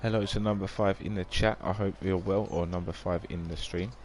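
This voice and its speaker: A man's voice: low voice, fairly even intonation, a little fast, a little mellow, a little hiss or hum. A man, chatting casually on a live game stream, rambling and reading out viewer comments.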